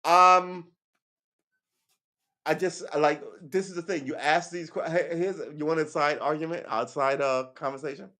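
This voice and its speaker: A man with a fairly high, fairly bright voice hosts a casual livestream, talking a little fast with few pauses and a steady tone. He rants with heated emphasis and frequent swearing, checking in with "right?" and laughing between his points.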